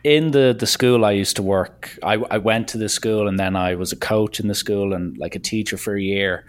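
Young Irish male host, low-ish, halting casual chat. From Ireland. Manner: halting, searching for words. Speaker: podcast host.

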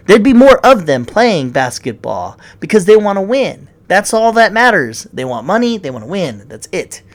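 Rambling, profane male ranter. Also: high voice. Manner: rambling, profane, restarts a lot. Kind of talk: casual opinion rant.

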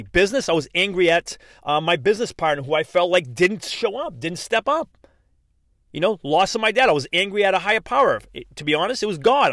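A man's voice: high voice, fairly bright tone, no echo, studio quality. A middle-aged man giving an earnest personal motivational talk, emphatic and repeating his key lines. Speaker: motivational speaker.

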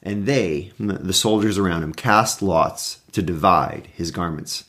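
A man teaching through a Bible passage in an earnest, animated way, reading scripture aloud and stopping to explain it. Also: deep voice, measured pace. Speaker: pastor.

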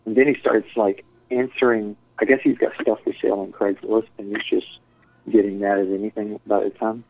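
A man's voice: fairly low pitch, little pitch movement, a little fast. A man telling a rambling story in casual chat, swearing and saying "dude" and "like" a lot. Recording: tinny phone-like sound, dry.

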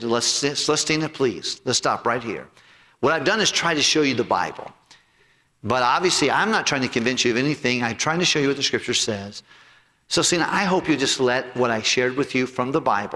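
Pastor preaching in an echoey church. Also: male voice. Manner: earnest storytelling, drops low and soft for quoted lines. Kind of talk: sermon with personal story. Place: church sanctuary. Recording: long hall reverb.

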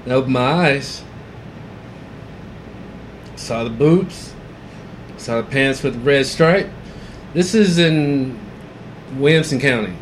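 A man's voice: medium pitch, takes it slowly, pauses often, a little hiss or hum. A man telling a story on a podcast, swearing freely and acting out what people said. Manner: profane animated storytelling, acting out quotes loudly. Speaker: podcast co-host.

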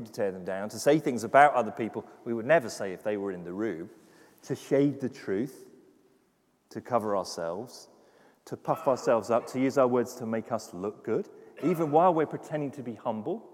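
A man, preaching a sermon as pastor, moving from quiet reflective passages to loud, fervent exhortation. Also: fairly low pitch, moderate pace, long reverb tail. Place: church.

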